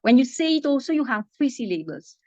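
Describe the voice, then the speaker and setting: A woman's voice: high-pitched, very animated, brisk, a little mellow, dry recording. A woman teacher with a Mauritian accent, explaining thoughtfully in an interview with many restarts. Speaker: English teacher. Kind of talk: video call interview answer. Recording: dry, muffled video call audio.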